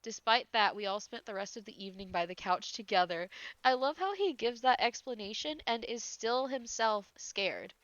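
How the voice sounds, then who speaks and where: A woman's voice: on the high side, expressive, moderate pace, fairly bright tone, no room sound. A woman reads ghost stories aloud in a mid-range voice, stopping often to laugh and react in disbelief. Her nose sounds a little stuffed up. The recording is dry and slightly dull. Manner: breaks off into giggles and incredulous asides. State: slightly congested.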